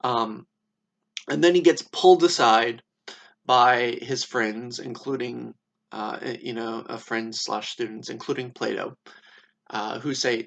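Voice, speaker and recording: Gravelly, casual, swearing male storyteller. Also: mid-range voice, unhurried, a bit bright. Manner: casual, profane, many fillers and "right?" tags. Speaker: explainer retelling philosophy.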